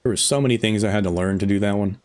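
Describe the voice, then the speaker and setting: A man's voice: on the low side, very fast, darkish tone, no room sound. A man live streaming a game, chatting casually with his viewers in a rambling, chuckling way, tired after hours on air.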